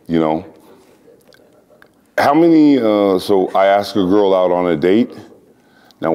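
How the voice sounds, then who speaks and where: A man being interviewed, telling casual anecdotes in an animated way and acting out voices and sounds. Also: low-pitched. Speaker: interview guest.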